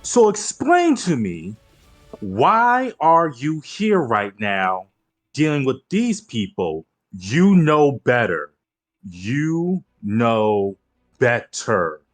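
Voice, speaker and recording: A man playing a tabletop game, speaking in character with slow, deliberate scolding. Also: medium pitch, big pitch swings, soft background music. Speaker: player. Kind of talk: in-character tabletop role-play.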